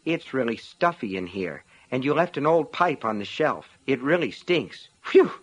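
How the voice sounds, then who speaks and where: A man's voice: medium pitch, very animated, moderate pace, breathy edge. A man doing a sly, coaxing talking foxtail.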